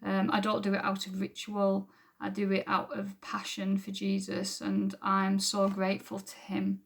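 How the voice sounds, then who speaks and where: Woman, church testimony to camera, gravelly, monotone, earnest and rambling. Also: mid-range voice, measured pace. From England. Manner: earnest, rambling, with frequent ums. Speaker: church member giving testimony. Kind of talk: unrehearsed personal testimony to camera. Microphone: camera recording at home.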